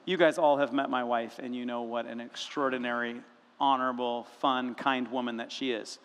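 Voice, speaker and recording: A man preaching a sermon as a pastor, telling stories in an animated, humorous way in a church sanctuary. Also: mid-range voice, moderate pace, clean tone. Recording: long reverb of a large room.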